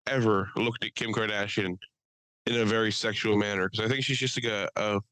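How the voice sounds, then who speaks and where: A man co-hosting a podcast in casual chat, an animated, profane storyteller. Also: lowish voice, fairly quick, clear, resonant tone, low-quality recording. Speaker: podcast co-host.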